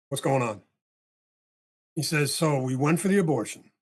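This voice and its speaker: An older man, a podcast guest, telling a long story in casual talk and acting out the dialogue with a husky voice. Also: medium pitch, moderate pace, pauses often. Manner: animated storyteller, acts out dialogue, swears casually.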